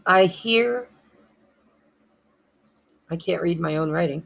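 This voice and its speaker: A woman reads a pick-a-pile tarot spread in a lowish, gravelly voice. Her throat is hoarse and she keeps clearing it. She moves haltingly, spelling names letter by letter and sometimes losing her place. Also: fairly bright tone, low-quality recording. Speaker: tarot reader.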